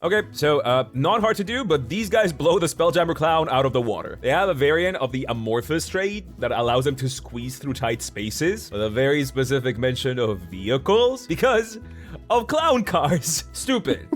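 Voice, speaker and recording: A man's voice: medium pitch, very animated, normal speed, hardly any pauses, soft background music. A man giving scripted video commentary on a tabletop game book, full of playful, joking asides.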